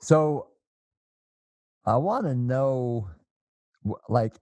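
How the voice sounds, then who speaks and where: A man's voice: mid-range voice, animated, drawn-out words, darkish tone, no room sound. A man hosting an interview, asking long, chatty, rambling questions. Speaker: interview host.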